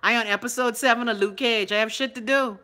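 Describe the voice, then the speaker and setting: Sassy Bahamian woman, bright voice. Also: a little high, fairly even intonation, fast, slight background noise. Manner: sassy, bossy teasing. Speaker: radio co-host. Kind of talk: casual chat.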